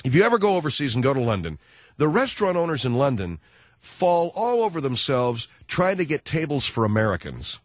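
A man's voice: medium pitch, a little fast, dry recording. A man hosting a talk radio show, brash and jokey, acting out little scenes, on a studio microphone. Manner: brash, jokey, animated storyteller who acts out voices. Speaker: radio host. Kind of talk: casual talk radio monologue.

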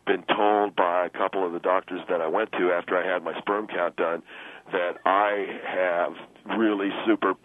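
A man's voice: low-pitched, level tone, normal speed. A man in his twenties, a caller to a radio show, bragging and breathing heavily on the phone. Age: 20s. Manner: boastful, heavy breathing. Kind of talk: call-in radio chat. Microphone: telephone. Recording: tinny phone line.

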